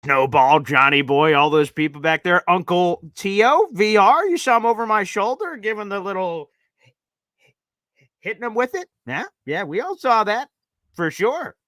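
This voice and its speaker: A man hosting a live call-in talk show, chatty and animated, often acting out his callers. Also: sits high, dry recording, clean studio sound. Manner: animated, acts out callers in quick impressions. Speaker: host.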